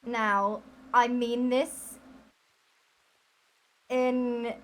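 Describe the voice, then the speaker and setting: A woman's voice: fairly high pitch, a little slow, fairly bright tone. A young woman streaming and role-playing a game, chatting casually in a put-on Southern US accent, rambling and filling her talk with "like" and restarts.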